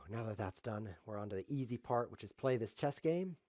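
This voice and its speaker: A man's voice: lowish voice, animated, moderate pace, no room sound. A man casually commenting on his own chess game on a live stream, joking, teasing himself and wandering off on playful tangents. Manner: jokey, self-mocking, playful tangents.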